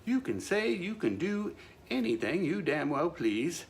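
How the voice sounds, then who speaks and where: A man's voice: fairly high pitch, sing-song, a little slow, slight background noise. A man hosting his own show, telling a comic monologue in a wry, mock-solemn way with playful asides. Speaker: show host.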